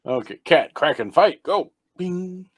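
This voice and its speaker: A man's voice: fairly high pitch, lively intonation, unhurried, no room sound. A man as game master, narrating a tabletop game in an easygoing, chatty way. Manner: easygoing, chatty, breaks off to talk to a pet.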